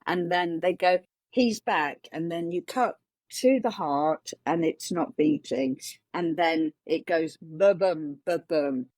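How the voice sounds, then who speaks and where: A middle-aged woman speaks as a guest in an interview, telling stories earnestly and often starting her sentences over. Her voice sits fairly low for a woman. The sound is dry and close, with no room around it. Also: a little slow, a little mellow, no echo. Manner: earnest storytelling with restarts. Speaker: makeup designer, guest. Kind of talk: conversational interview answers.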